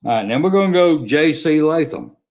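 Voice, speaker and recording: A man's voice: on the high side, very animated, brisk, a little mellow. A man giving a blunt, rambling sports opinion rant, swearing as he goes. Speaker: sports commentary vlogger.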